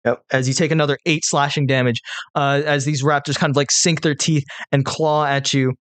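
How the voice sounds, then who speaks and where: This is a man running a tabletop game, describing attacks and damage in a casual, rambling way with lots of filler words. His voice sits slightly on the higher side for a man. The recording is close and dry, with no room sound. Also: steady tone, brisk, a bit bright, no echo. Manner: casual, loose narration with many fillers. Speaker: game master.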